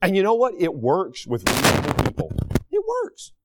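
A talk show host with a fairly high voice delivers an indignant opinion monologue. His pitch swings widely, and he hammers his points home with rhetorical questions and repetition. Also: big pitch swings, a little fast, background noise.

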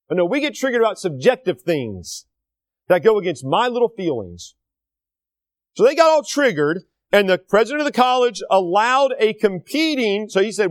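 A man preaching a sermon, indignant and animated, with sarcastic asides. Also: high-pitched, brisk, dry recording.

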